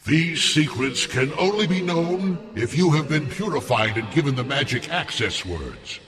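A man's voice: fairly high pitch, animated, measured pace, a bit bright, voice pushed up. Guy putting on a creepy machine voice, solemn and bossy, strange timbre, hall echo trailing off. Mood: ominous. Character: sinister voice of an occult computer.

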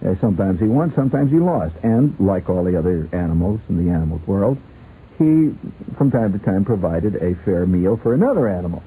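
A man's voice: deep voice, lively intonation, a little fast. A male radio host in a rambling, playful comic talk, laughing often, on a tinny lo-fi radio recording. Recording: tinny lo-fi radio with faint hiss.

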